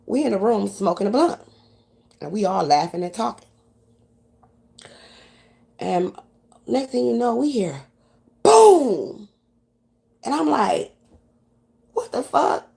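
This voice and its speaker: Gravelly woman from New York. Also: mid-range voice, measured pace, long pauses. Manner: animated, profane, speaking to the audience as y'all. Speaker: storyteller. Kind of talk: casual storytime.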